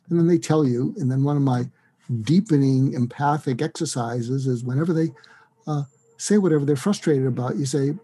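Male guest expert, fairly high voice with a husky, mellow tone; animated interview explainer. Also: normal speed. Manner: animated, acts out sample dialogue with shifting tone.

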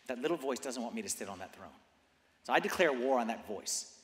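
Animated preacher with a bright, echoing voice. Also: male voice, medium pitch, brisk, slight background noise. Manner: animated, swings from hushed to loud emphatic bursts; drives points home with repeated phrases. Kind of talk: sermon. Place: church. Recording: echoey church hall with long reverb.

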